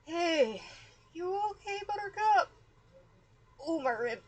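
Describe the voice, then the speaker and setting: A woman's voice: very high voice, very animated, slow, pitched above the performer's own voice, exaggerated voice. A woman voicing an injured young male adventurer who speaks in a groggy, pained and soothing way. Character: battered young male adventurer, tender and joking.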